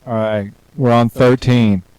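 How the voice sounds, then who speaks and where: A man's voice: medium pitch, fairly even intonation, a little slow, darkish tone, clean tone, dry recording, rough recording. A young man co-hosting a radio talk show, reading silly questions aloud and giggling through casual crude banter.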